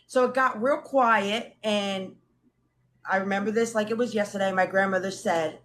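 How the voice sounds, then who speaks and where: A young woman in casual chat, telling family stories with lively acted-out quotes. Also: medium pitch, moderate pace, a little hiss or hum. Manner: animated, acts out family quotes. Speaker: guest.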